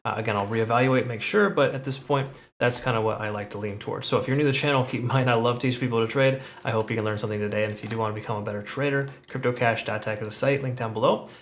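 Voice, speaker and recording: A man's voice: medium pitch, steady tone, a little hiss or hum. A man hosting his own trading channel, walking through price charts in a chatty way with frequent fillers and "okay?" check-ins. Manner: brisk, chatty, lots of okays and fillers. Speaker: crypto trading channel host. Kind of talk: screen-share market analysis.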